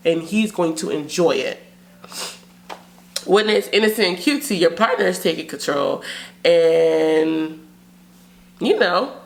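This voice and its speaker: A woman hosting her channel, giving frank, chatty advice and dropping into low sultry voices for examples. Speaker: channel host. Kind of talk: casual advice talk to camera.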